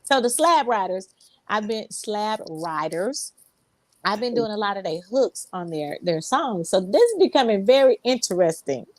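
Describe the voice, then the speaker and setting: A woman's voice: medium pitch, big pitch swings, moderate pace, no room sound. A woman singer, a guest in an interview, telling her story in a rambling way, full of ums and restarts. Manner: rambling, many fillers and restarts. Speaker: Southern soul singer, guest.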